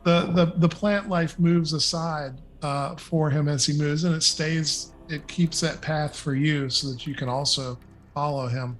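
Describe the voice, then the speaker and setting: A man narrating a tabletop game as dungeon master, in a relaxed, descriptive way with frequent fillers. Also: on the high side, measured pace.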